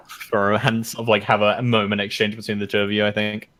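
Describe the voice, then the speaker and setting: A man's voice: on the low side, little pitch movement, a little fast, fairly bright tone. A man narrating as game master of a tabletop role-playing game, casual and full of fillers.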